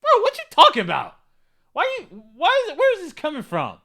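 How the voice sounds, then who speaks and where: A man's voice: extremely high pitch, huge pitch swings, fairly quick, pushed and bright, voice pushed up, full character voice. A man voicing an exasperated young girlfriend who fires off incredulous questions.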